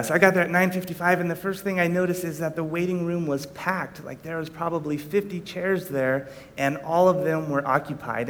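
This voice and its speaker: A man preaching a sermon, telling a personal story with frequent self-deprecating chuckles. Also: fairly bright tone. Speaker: pastor. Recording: reverberant hall, faint rumble.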